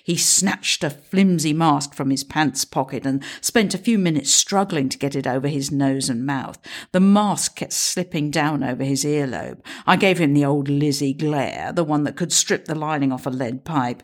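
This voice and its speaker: A woman's voice: low-pitched, moderate pace. A woman narrating a comic story in a dry, wry way.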